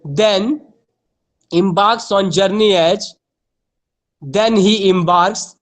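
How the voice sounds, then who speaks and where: A woman teacher dictates literature notes at an unhurried, deliberate pace. She repeats every phrase and spells out key words letter by letter for her students to copy down. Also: fairly low pitch.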